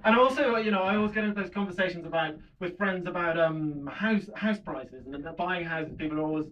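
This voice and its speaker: Halting man doing shy stand-up. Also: high-pitched. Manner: hesitant, self-deprecating, halting restarts. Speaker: stand-up comedian. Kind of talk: stand-up routine. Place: small comedy bar stage. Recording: lo-fi club recording with audience laughter.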